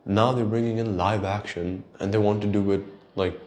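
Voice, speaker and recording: A man's voice: on the low side, steady tone, moderate pace, a little mellow, a little hiss or hum. A man hosting his own solo show, ranting in an exasperated, profane way. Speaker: podcast host. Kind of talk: solo rant.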